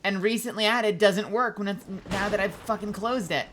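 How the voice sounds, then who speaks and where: A woman streaming a game live, chatting to viewers, swearing often and swinging from shouting to muttering. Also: mid-range voice, normal speed, a little hiss or hum. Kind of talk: live gameplay stream chat.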